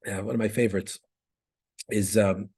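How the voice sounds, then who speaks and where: A class instructor with a lowish, slightly rough and mellow voice lectures at a moderate pace with fairly even intonation. His teaching is conversational, full of stories, restarts, and frequent "right?" checks with the students.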